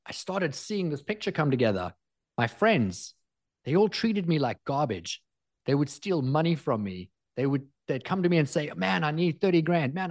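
A man's voice: a little high, no room sound. A man telling personal stories in an earnest, emphatic way, repeating phrases for effect, in a motivational talk. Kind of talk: motivational storytelling.

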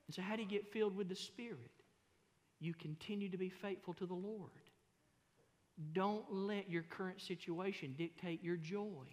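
A middle-aged man, preaching a sermon as pastor in a folksy, animated, self-mocking storytelling way. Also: high voice, normal speed. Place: large church sanctuary. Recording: long hall reverb in a church.

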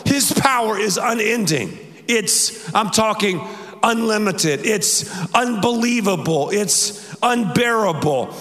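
A man's voice: sits high, animated, takes it slowly, fairly bright tone. A male pastor preaching an emphatic, repetitive sermon and leading his congregation in call-and-response in a large church. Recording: long hall reverb.

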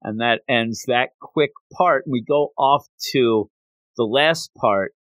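A man's voice: mid-range voice, slow, a bit bright, no echo. Casting note: man recapping a comic, chatty and rambling, dry close mic. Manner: chatty, digressive. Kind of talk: casual retelling of a comic.

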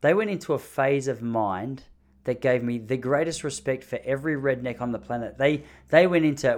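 A man's voice: medium pitch, normal speed. A man in his thirties telling a story casually and with animation. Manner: animated, mimics the people in his stories. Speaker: vlogger.

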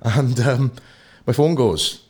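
A young Welsh man chatting as a podcast guest, telling stories in an animated way and acting out the voices of people he quotes. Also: mid-range voice, slow pace, breathy edge. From Wales. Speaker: guest actor. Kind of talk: casual podcast storytelling.

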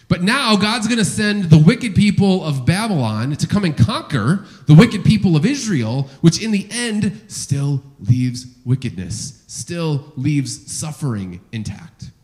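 A man delivers a sermon to a congregation. His voice sits slightly high and rises and falls dramatically for emphasis, and he drives his points home through a string of rhetorical questions. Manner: animated, rising and falling emphasis, rhetorical questions. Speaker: pastor. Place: church sanctuary with congregation.

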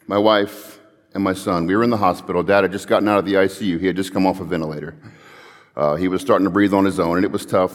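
A man's voice: lowish voice, in a large hall. A man preaching a sermon, telling a story earnestly and building to emphatic calls.

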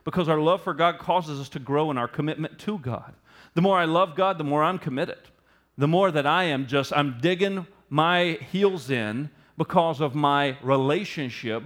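A male pastor preaching a sermon to his congregation, building into an animated, humorous storytelling stretch. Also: fairly high pitch. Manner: animated storytelling, rising and loud in humorous asides. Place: church sanctuary.

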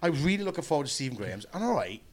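A man's voice: fairly high pitch, rapid-fire. Chatty Welsh man telling stories. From Wales. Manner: chatty storyteller, animated. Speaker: actor and podcast guest. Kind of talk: casual chat.

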